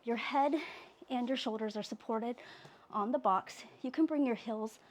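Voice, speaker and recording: A woman's voice: fairly high pitch, moderate pace. A woman leading a pilates workout class, giving exercise cues while she works out herself and gets out of breath. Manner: cueing exercises while working out, breathy exhales. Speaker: pilates instructor.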